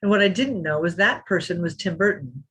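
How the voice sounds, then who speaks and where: A woman's voice: lowish voice, a little fast, breathy edge. A woman in her fifties, a guest on a podcast, telling an anecdote and acting out what people said. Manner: lively anecdote teller who acts out quotes. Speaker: interview guest. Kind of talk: storytelling in a podcast interview.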